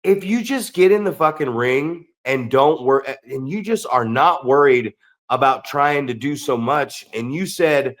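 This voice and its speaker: A man hosting a casual podcast chat, telling wrestling coaching stories in an animated, profane way. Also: medium pitch, a little slow.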